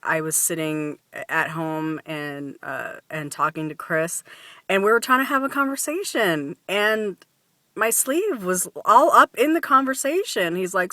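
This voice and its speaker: A woman chats casually into the camera in a vlog, her voice bright and a little sharp. She laughs often between thoughts and leans on fillers and restarts. The sound is dry, with no room around it. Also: medium pitch, animated, a little slow, no echo. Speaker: vlogger.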